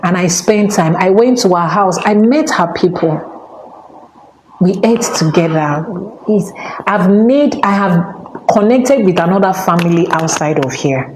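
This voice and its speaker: A Nigerian woman telling personal stories in an animated way, changing her voice when she quotes other people. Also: lowish voice, unhurried. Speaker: spiritual teacher and channel host. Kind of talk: personal storytelling talk. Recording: echoey room with faint background noise.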